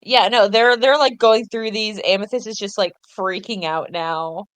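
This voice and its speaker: A woman's voice: medium pitch, fairly even intonation, moderate pace, fairly bright tone, clear, resonant tone, no room sound. Dry-sounding woman podcast co-host. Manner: enthusiastic, trails off and corrects herself mid-thought. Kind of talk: casual chat.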